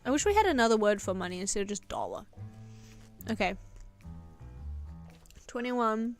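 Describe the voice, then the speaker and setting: A woman's voice: a little high, animated, moderate pace, faint music behind. Chatty New woman, rambling art stream. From New Zealand. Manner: rambling, self-mocking, laughs between thoughts. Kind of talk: casual chat while drawing on stream.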